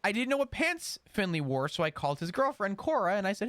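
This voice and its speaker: A man stays in character as he tells his story, rambling and animated. His voice sits high and swings widely in pitch. It is recorded dry and close, with no room sound. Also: quick pace, no room sound. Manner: animated, rambling recount with restarts. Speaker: roleplay character in a GTA server. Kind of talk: in-character storytelling recounting events.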